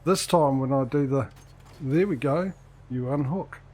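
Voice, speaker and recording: A man's voice: mid-range voice, measured pace, a little mellow, slight background noise. A man streaming a farming game, chatting casually and joking with his in-game workers. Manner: chatty, talks to in-game workers, dry jokes. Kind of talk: casual gameplay commentary.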